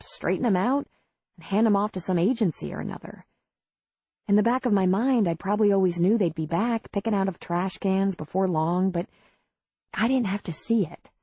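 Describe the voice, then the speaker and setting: A woman's voice: mid-range voice, dark tone, slightly rough, dry recording, natural voice. A woman voicing a candid, earnest widowed midwife from the city in an audiobook.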